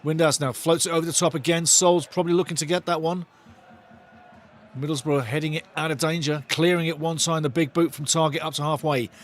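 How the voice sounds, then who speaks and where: A man giving excitable, chatty live football commentary as host of a fan watch-along. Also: on the high side, a little fast.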